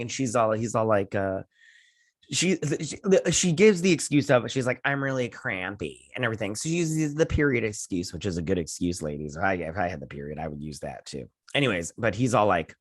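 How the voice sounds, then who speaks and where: A man hosting a casual episode recap, rambling along and acting out characters' lines in quick quoted bits, swearing now and then. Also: fairly low pitch, dry recording, clean studio sound. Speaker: host.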